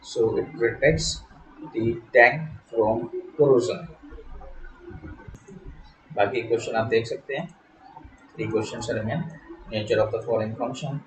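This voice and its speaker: A man tutoring for an electrical exam, reading out questions and giving quick answers, slipping into Hindi to explain. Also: medium pitch, fairly bright tone. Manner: reads questions then answers briefly, switching into Hindi explanations. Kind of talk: solved-paper walkthrough. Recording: echoey room, faint background noise.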